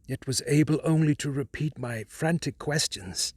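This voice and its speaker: A man narrating a horror audiobook in a measured, hushed, dramatic way. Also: medium pitch, breathy edge, no echo, clean studio sound.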